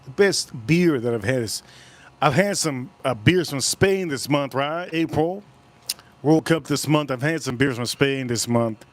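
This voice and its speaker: Speaking a little slowly in a mid-range voice, the American host of a laid-back whiskey stream meanders through his stories. He swears easily and keeps repeating himself.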